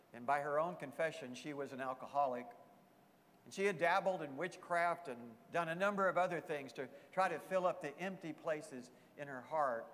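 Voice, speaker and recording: A man's voice: on the high side, a bit bright. A man preaching a sermon as a pastor, earnest, repeating emphatic phrases. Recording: long hall reverb.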